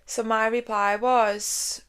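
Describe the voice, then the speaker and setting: A woman's voice: fairly high pitch, level tone, slow, fairly bright tone, clear, resonant tone. A woman hosting a podcast, speaking emphatically and from the heart in a blunt, confessional monologue. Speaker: podcast host.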